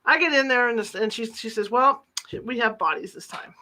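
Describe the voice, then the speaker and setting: Bright, crisp-toned host telling a chatty reporter's anecdote and voicing the quoted lines. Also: mid-range voice, animated, fairly quick, a little hiss or hum. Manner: chatty, retells dialogue in quotes. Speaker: podcast host and former reporter. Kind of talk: casual anecdotal storytelling. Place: lives in the Sacramento area.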